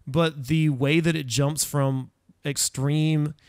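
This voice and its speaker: A man's voice: on the high side, flat delivery, takes it slowly, a little mellow, no room sound, studio quality. A man hosting a casual horror-movie podcast, rambling and correcting himself as he searches for words. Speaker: podcast host. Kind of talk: casual film discussion.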